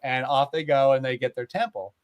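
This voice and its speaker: A man retelling old myths in a casual, animated way, with lots of filler words, as a podcast host. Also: mid-range voice, fairly quick, smooth, lo-fi sound. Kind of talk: casual storytelling chat.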